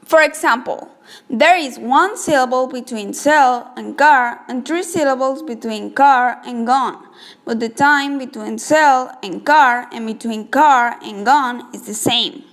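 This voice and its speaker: A woman's voice: high-pitched, unhurried, fairly bright tone. A woman reading out example sentences in a class presentation on English stress and intonation. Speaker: student presenter.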